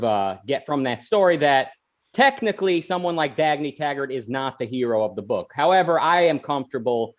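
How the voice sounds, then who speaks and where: A man hosting a podcast, talking in a chatty, rambling way full of restarts and side tangents. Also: mid-range voice. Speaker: podcast host. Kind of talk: casual podcast chat.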